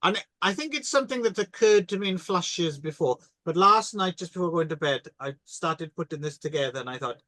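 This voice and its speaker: A man's voice: high-pitched, animated, a little fast, hardly any pauses, sharp tone, dry recording. A man hosting and editing a podcast, chatting casually in a rambling, hesitant way. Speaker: podcast host and editor. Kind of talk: casual chat.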